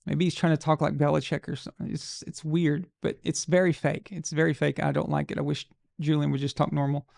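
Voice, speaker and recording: Gravelly, blunt man ranting. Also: a little high, flat delivery, a little fast, hardly any pauses, darkish tone, no room sound, studio quality. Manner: blunt, opinionated ranting with casual swearing. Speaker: live show host. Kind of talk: casual sports commentary.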